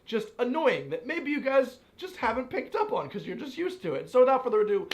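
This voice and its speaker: A man's voice: very high-pitched, very animated, fairly quick. A young American man living abroad, giving playful, exaggerated complaints in a comedic vlog. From United States.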